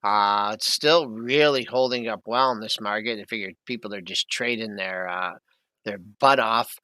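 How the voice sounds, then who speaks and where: A man's voice: lowish voice, moderate pace, sharp tone, no room sound. A man co-hosting a live market talk show, rambling casually through price levels with asides.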